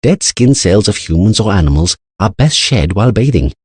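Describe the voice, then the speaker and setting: A man's voice: lowish voice, big pitch swings, normal speed, a little mellow, husky, dry recording, pitched above the performer's own voice. A man voicing an anxious older male scientist who explains at length in an earnest way. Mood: grave.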